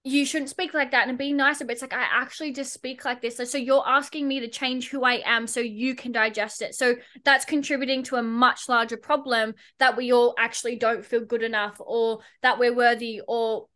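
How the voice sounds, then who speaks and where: Bright-voiced, blunt sarcastic woman. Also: a little high, little pitch movement, moderate pace, few pauses. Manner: blunt, sarcastic, swears freely. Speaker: podcast guest, entrepreneur. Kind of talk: casual podcast chat.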